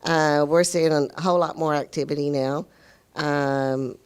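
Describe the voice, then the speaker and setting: A woman's voice: low voice, steady tone, measured pace, smooth. A woman appearing as a real estate guest on a morning radio show, answering in a friendly, easygoing way. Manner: friendly, easygoing, laughs readily. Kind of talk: casual radio interview.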